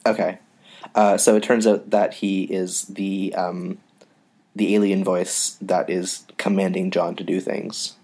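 A man with a very low voice, chatting casually as a podcast co-host. He speaks haltingly and searches for his words with frequent "uh" and "um". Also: level tone, darkish tone. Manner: hesitant, halting, full of "uh" and "um". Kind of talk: casual discussion of a comic.

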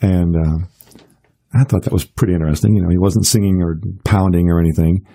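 A man with a very deep, gravelly and dark voice tells a story in a relaxed, halting way. He is a musician chatting casually on a radio show. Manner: relaxed, halting with small restarts.

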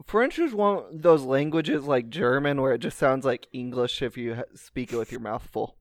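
A man's voice: mid-range voice, lively intonation, moderate pace, no echo. A man co-hosting a casual film podcast, blunt and joking, swearing casually. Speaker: podcast co-host.

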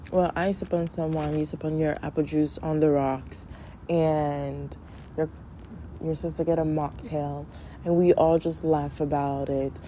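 A woman in her thirties talking casually and comedically, blunt and profane, often mimicking her children in high voices. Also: mellow. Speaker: podcast host. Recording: dull lo-fi sound with faint background noise.

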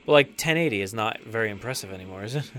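Young guy on a gaming podcast, bright and lively, lots of ums and cussing. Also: on the low side, very fast, a little hiss or hum. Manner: laid-back, swears often, trails off with fillers. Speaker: podcast co-host. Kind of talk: casual chat while gaming.

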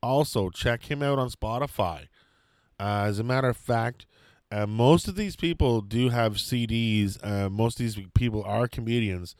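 A man's voice: mid-range voice, moderate pace, a little mellow, no echo. A man hosting a podcast, introducing a guest and asking questions in hesitant casual chat. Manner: hesitant, many fillers. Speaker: podcast host. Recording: dry close sound.

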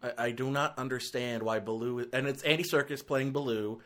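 A man's voice: medium pitch, fairly even intonation, fairly quick, fairly bright tone. A man giving a casual, rambling film review, often exasperated and filling his talk with "like".

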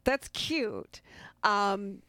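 Woman, podcast co-host, casual sports talk, hesitant and measured, dry close recording. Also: mid-range voice, very animated, bright, forceful tone, no room sound. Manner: hesitant, many fillers, measured.

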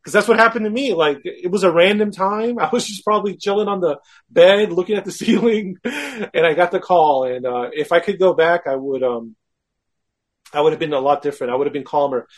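A man, a guest, telling a personal story in casual talk, animated and self-mocking, acting out his own quoted thoughts. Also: sits high, brisk.

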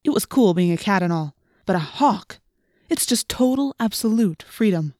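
An eager teenage boy bursts with enthusiasm, as a woman reads him in an audiobook, his mid-pitched voice rising as he talks. The sound is close and dry. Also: lively intonation, normal speed, darkish tone, no room sound, natural voice. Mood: angry. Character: eager teenage boy who loves flying. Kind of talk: audiobook reading.

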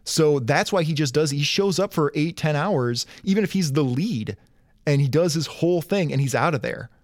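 A man's voice: fairly high pitch, expressive, normal speed, a little mellow, dry recording, clean studio sound. Wry man telling stories in casual chat. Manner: profane, wry storytelling. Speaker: podcast co-host.

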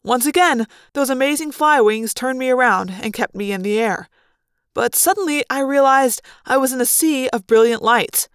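A woman's voice: high-pitched, moderate pace, smooth, no echo, studio quality. Dramatic woman narrating an audiobook. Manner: lively, dramatic storytelling. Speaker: audiobook reader. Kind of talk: first-person audiobook narration.

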